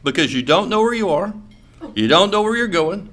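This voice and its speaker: A man's voice: sits high, big pitch swings, fairly quick, a bit bright, voice pushed up. Man doing an exasperated economist. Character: exasperated male economist, mid-aged, blame-dodging.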